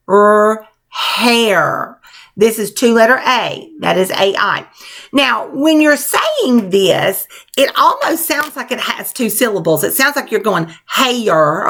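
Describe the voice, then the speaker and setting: A woman's voice: on the high side, fairly bright tone. A woman teacher leading young children through a spelling lesson, coaching them patiently in a sing-song classroom manner.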